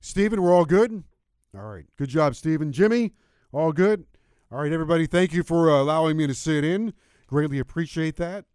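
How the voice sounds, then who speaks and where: A man's voice: fairly high pitch, animated, fairly quick, darkish tone, smooth, dry recording, clean studio sound. A middle-aged man guest-hosting a sports radio show, chatting casually and laughing easily.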